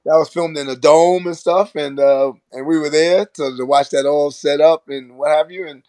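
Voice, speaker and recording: An older man from Brooklyn, telling stories as a podcast guest in a lively, chatty way. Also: a little high, moderate pace, no echo. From Brooklyn, New York. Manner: animated anecdote-telling with laughs and acted quotes. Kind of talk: storytelling in casual chat.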